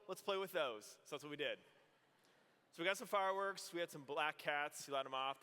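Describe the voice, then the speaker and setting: A young adult man, a priest from Arizona, telling funny stories in a homily and acting out the voices. His voice sits a little high and comes across bright and forceful. The sound has the long reverb of a large hall. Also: quick pace. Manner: animated storytelling, acts out voices. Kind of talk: youth conference homily.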